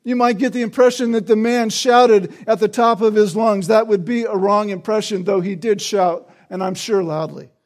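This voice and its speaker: A man's voice: sits high, steady tone, moderate pace, hardly any pauses. A man preaching an expository sermon, explaining the text and often checking in with the listeners through tag questions.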